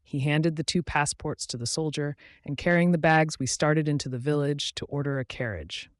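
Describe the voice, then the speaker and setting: Brief: male audiobook narrator, measured and clear, somewhat high voice, close dry studio sound. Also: no echo. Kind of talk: scripted first-person narration.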